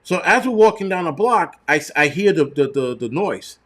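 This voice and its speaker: A man's voice: fairly high pitch, big pitch swings, normal speed, a bit bright. A middle-aged man hosting a casual livestream, answering viewers in a blunt, profane, rambling way. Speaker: channel host.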